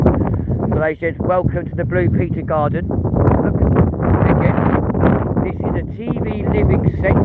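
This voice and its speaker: A man hosting a live walking stream at night, bantering with chat in a cheeky, sweary way. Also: mid-range voice. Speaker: livestream host. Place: outdoors on windy city streets at night. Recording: tinny phone audio, loud street noise.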